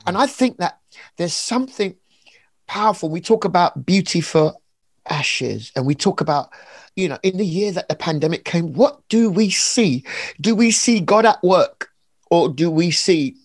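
Animated man preaching in conversation. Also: on the high side, moderate pace, dry recording. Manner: animated, emphatic, acts out little scenes. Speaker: author and preacher being interviewed.

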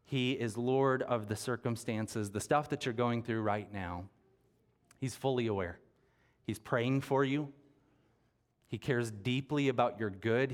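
Male pastor, sermon delivery in a church, earnest, average pitch, natural restarts. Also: steady tone, moderate pace. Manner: earnest, with restarts and repeated words. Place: church sanctuary.

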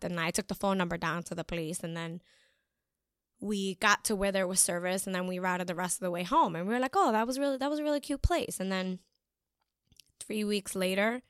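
A young woman shares a personal story in a casual, rambling monologue, full of fillers and quoted asides. Her voice is smooth and clear. It is recorded dry and close, with no room sound. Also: lowish voice, fairly bright tone, dry recording. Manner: chatty, storytelling with many fillers and acted-out quotes. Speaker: speaker sharing a life lesson.

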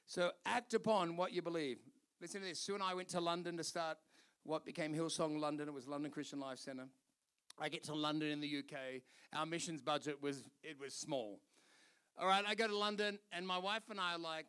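A man with an Australian accent, a pastor preaching a sermon in an animated, conversational way, telling a personal story and urging listeners on. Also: on the high side, fairly quick, clear, resonant tone. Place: church service.

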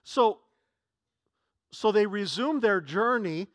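Guy pastor preaching, kinda high voice, dry sound, earnest, keeps restarting his words. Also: lively intonation, slow pace, a bit bright, dry recording. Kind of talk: sermon.

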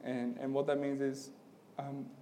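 A man's voice: mid-range voice, flat delivery, unhurried, mellow, slight background noise. A young adult man preaching a conversational sermon, telling a personal story loosely and then building to an earnest appeal. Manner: casual and storytelling, peppered with "like" and "man". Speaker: pastor.

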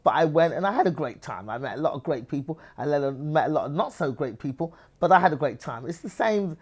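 A woman's voice: low-pitched, expressive, fast, darkish tone, husky. A woman with an English accent, a comedian talking as an interview guest, who acts out other people's voices as she tells stories. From England. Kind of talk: lively interview conversation.

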